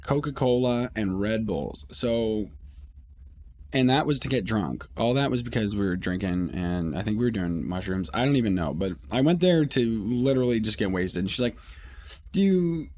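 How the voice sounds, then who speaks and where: A man's voice: fairly low pitch, animated, moderate pace, darkish tone. A man hosting a podcast, telling a story in a loose, profane, rambling way with many restarts. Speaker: podcast host. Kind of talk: casual storytelling.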